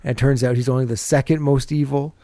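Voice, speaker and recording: A man's voice: mid-range voice, fairly even intonation, quick pace, dark tone, no room sound, studio quality. A man co-hosting a podcast, casually recapping a TV episode scene by scene and laughing often as he goes.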